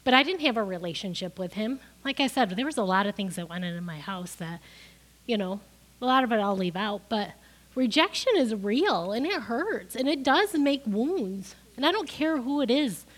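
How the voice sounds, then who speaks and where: A woman's voice: a little high, expressive, moderate pace. A middle-aged woman preaching a sermon, crying as she gives an emotional testimony that builds to emphatic peaks.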